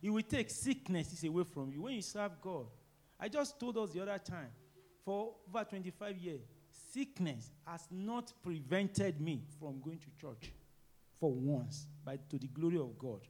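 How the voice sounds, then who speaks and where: High-voiced preaching man with big swings. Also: lively intonation, moderate pace. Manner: preaching with sudden loud emphatic rises and quiet low asides. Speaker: pastor. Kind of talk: sermon.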